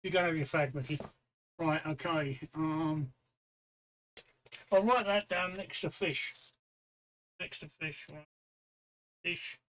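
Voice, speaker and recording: A man with a high voice hosts a casual live stream. He trades cheeky banter with his co-hosts and tells long, silly jokes. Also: steady tone, slow, long pauses, fairly bright tone, low-quality recording. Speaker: host.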